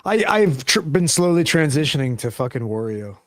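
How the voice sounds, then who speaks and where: A man's voice: a little high, big pitch swings, normal speed, fairly bright tone, dry recording, studio quality. A man in casual podcast banter, joking and swearing freely. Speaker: podcast co-host. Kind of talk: casual chat.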